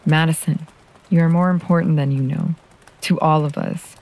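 A woman reading a story, voicing a kindly older woman who speaks softly and gently. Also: low voice, steady tone, moderate pace, vocal fry. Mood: gentle. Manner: soft, gentle delivery.

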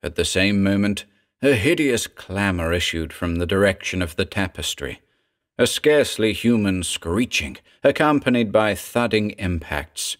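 Deep, slow horror story narrator, man. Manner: measured, grave storytelling.

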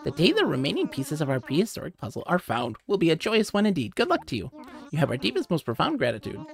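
A woman's voice: low-pitched, huge pitch swings, fast, creaky, voice pushed up, heavily acted. A woman voicing a fussy, long-winded male owl who curates a museum in a video game, talking in a mannered, rambling and overly polite way.

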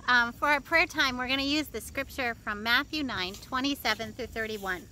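Woman pastor, high voice, slow calm prayer, keeps repeating questions softly. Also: slight background noise, poor audio. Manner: calm, inviting tone. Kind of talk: guided prayer and meditation.

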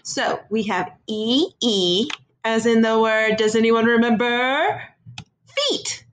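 A woman teaching a first grade phonics lesson to young children, sounding out words slowly in a sing-song teacher voice. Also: on the high side, fairly even intonation, slight background noise.

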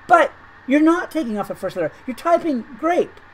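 A woman with a high-pitched voice talks through a gaming video in a loose, conversational way. She rambles and doubles back on her words, sounding incredulous. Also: big pitch swings, moderate pace, low-quality recording. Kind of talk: chatty commentary over gameplay.

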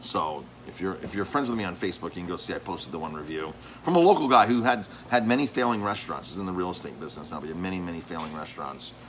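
A man, a restaurant owner and chef, talking casually and telling animated stories about difficult customers, often repeating words and acting out the arguments. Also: low-pitched, fast, few pauses, noisy background. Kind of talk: casual vlog monologue. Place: his restaurant.

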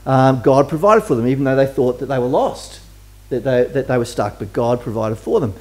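A man's voice: medium pitch, animated, a little fast, darkish tone. A man preaching a conversational sermon to a church congregation and asking them questions as he goes. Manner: chatty, asks the congregation questions. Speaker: pastor. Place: church service before a congregation.

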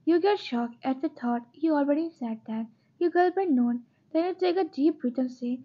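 High-voiced woman reading a story. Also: moderate pace, hardly any pauses. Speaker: fan-fiction narrator. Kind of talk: second-person story narration. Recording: dull lo-fi home recording.

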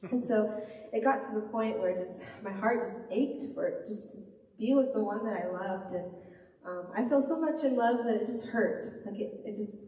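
A woman's voice: medium pitch, moderate pace, warm tone, a little hiss or hum. A young adult woman pastor preaching a sermon in an earnest, heartfelt way, often repeating her phrases. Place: church sanctuary. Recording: echoey church hall, voice heard from a distance.

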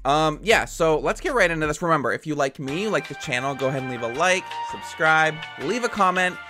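A man hosting a reaction video, talking in a gushing, excitable and emotional way. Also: a little high, a little fast. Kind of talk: casual reaction commentary. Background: faint music.

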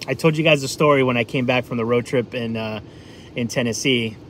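A chatty man from New England rambles through a casual livestream as a food vlogger, using lots of fillers. His medium-pitched voice moves fairly quickly, with slight background noise.

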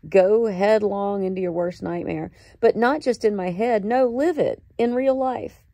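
A woman recording a raw confessional diary clip, halting, upset and close to tears, swearing as she talks. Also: medium pitch, dark tone, no echo. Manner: halting, distressed and ashamed, with swearing. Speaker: vlogger.

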